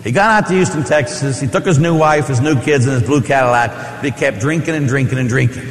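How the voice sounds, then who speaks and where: Priest preaching in a reverberant church. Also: male voice, mid-range voice, fast. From Pittsburgh. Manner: storytelling, conversational with asides and rhetorical questions. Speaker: Catholic priest. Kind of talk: sermon.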